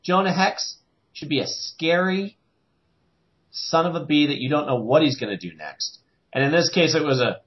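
A man co-hosting a podcast in casual chat, animated and quick to joke. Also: medium pitch. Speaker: podcast co-host. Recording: dull lo-fi sound.

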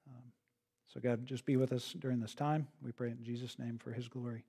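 A man's voice: medium pitch, fairly even intonation, fairly quick, gravelly, dark tone, husky. A male pastor preaching an expository sermon in a conversational way, often checking in with the listeners. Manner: conversational, with frequent "right?" tag questions.

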